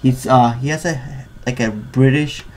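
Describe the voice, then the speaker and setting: A man co-hosting a podcast in casual chat, excitable and tripping over his words. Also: mid-range voice, moderate pace, a little hiss or hum. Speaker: podcast co-host.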